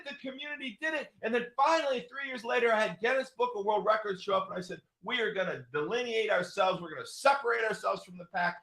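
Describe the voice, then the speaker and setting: A man in his sixties hosting a motivational talk, telling a story emphatically, with lots of repetition and loud excited bursts. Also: extremely high pitch, a little fast, hardly any pauses. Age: 60s. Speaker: show host. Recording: roomy echo.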